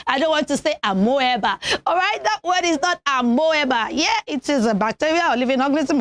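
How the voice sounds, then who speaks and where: A young woman presenting a children's TV pronunciation lesson, enunciating slowly and deliberately and cheering the kids on. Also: sits high, animated, a bit bright, dry recording. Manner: slow, deliberate teacherly enunciation, encouraging.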